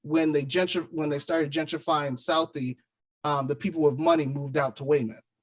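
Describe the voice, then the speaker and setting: A man with a Boston accent, a guest drummer, calmly explaining things in a casual chat. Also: a little high, moderate pace.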